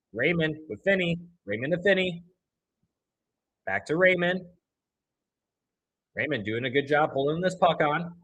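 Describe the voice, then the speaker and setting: Excitable fan calling hockey play-by-play. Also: male voice, fairly high pitch. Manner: partisan, swings from flat calls to loud outbursts. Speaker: livestream host.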